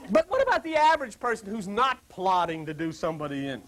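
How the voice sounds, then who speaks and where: A man's voice: sits high, big pitch swings, fast talker, a crowd in the background, noisy background. A man giving an informal spiritual lecture to a small group, rambling, chuckling through joking asides and putting questions straight to his listeners. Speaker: spiritual teacher.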